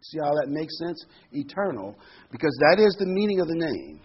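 A man's voice: fairly high pitch, sing-song, moderate pace, husky. A man in his sixties giving an informal Bible teaching in a conversational, folksy way, with frequent ums and asides. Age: 60s. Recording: dull lo-fi recording.

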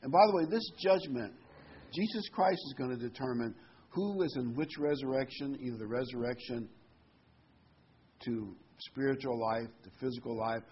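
A man's voice: medium pitch, moderate pace, lo-fi sound, slight background noise. A man preaching a sermon verse by verse in a folksy, conversational way.

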